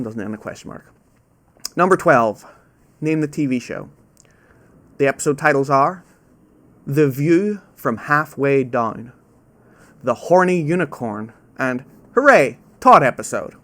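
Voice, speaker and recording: A man hosting a live online trivia quiz from home over a webcam, casual and self-deprecating, repeating each question slowly, with trouble saying "ow" sounds. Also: mid-range voice, fairly bright tone. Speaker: quizmaster.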